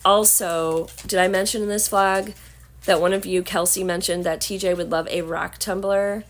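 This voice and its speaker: A woman's voice: fairly low pitch, fairly even intonation, moderate pace. Chatty Southern woman with a scratchy voice. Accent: Southern American. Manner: chatty, rambling with many fillers. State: hoarse. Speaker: vlogger. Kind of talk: casual chat to camera. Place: home, indoors.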